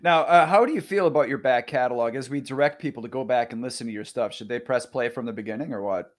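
A man's voice: mid-range voice, fast talker. A man hosting a podcast interview in a casual, chatty way, laughing easily and restarting his sentences. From Oklahoma. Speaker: podcast host.

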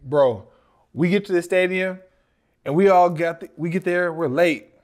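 A man with a slightly raised voice telling a story in a relaxed, conversational way. He talks like a former player sharing a locker-room tale with a friend. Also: high voice, normal speed. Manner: laid-back, conversational. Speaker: podcast co-host, former football player. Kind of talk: casual storytelling.

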